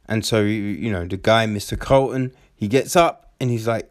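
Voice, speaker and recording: A man's voice: on the low side, moderate pace, dry recording, studio quality. A man giving a casual, rambling film recap with many fillers and restarts. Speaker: film reviewer.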